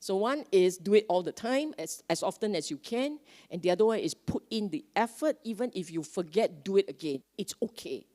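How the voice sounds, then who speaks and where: A woman's voice: mid-range voice, a little fast, hardly any pauses. Woman, retreat teacher, chatty dharma talk that quizzes the room. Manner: lively, conversational, asks the audience questions.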